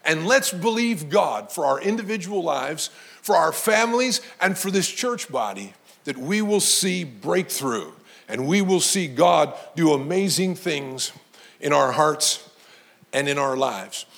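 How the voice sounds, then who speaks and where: A man preaching a sermon as pastor, telling stories and rising to emphatic, shouted points. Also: a little high, animated, a little slow, vocal fry.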